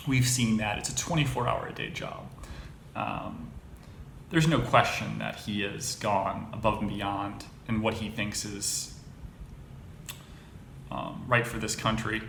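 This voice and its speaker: A man's voice: medium pitch, creaky, fairly bright tone. A man hosting a casual political monologue, rambling and exasperated, with frequent fillers and restarts. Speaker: host. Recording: echoey room, faint ambient noise.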